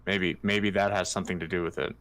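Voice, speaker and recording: A man's voice: low-pitched, little pitch movement, fast, a bit bright. A man running an online tabletop game as dungeon master, frustrated and restarting his sentences as he troubleshoots. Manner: frustrated with technical problems.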